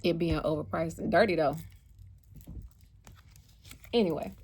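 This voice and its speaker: An American woman telling a personal travel story in a chatty, animated way, acting out what people said. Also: on the low side, slow, long pauses. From United States. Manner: chatty, animated, acts out quotes. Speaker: vlogger and spiritual card reader. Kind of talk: casual storytelling.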